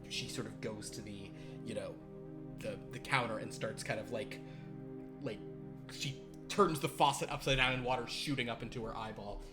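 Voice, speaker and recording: A man's voice: medium pitch, normal speed, over music. A man narrating a tabletop game as game master, rambling with many restarts. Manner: rambling, frequent ums and restarts, laughs often.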